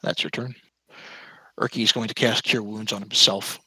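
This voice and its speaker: Hesitant game master with a bright, husky voice. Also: male voice, on the low side, steady tone, moderate pace, no room sound, low-quality recording. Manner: hesitant, often correcting himself on rules. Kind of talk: narrating a tabletop game.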